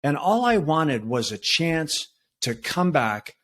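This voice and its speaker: A man in his sixties, a retired federal agent, telling his story as a podcast guest in relaxed talk with fillers and restarts. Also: on the high side, slow. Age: 60s. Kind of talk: conversational storytelling.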